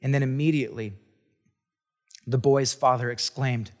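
A man gives a sermon as a pastor in a relaxed, chatty way, circling back and restarting his sentences as he goes. His voice sits a bit higher than most men's. The sound carries a long reverb, as if in a large hall. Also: moderate pace. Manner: casual and chatty, with frequent restarts and asides. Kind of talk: conversational sermon.

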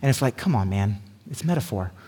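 A husky-voiced man preaches a sermon with animated, sarcastic storytelling and a playful edge. His voice rings out with a long reverb through a large hall. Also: on the low side, a little fast. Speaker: pastor.

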